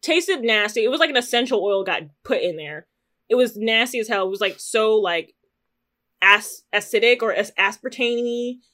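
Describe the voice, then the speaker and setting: Animated, bright-voiced woman telling a story. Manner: animated, swings into loud high squeals when quoting; swears freely, quick asides. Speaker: podcast co-host. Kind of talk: casual storytelling chat.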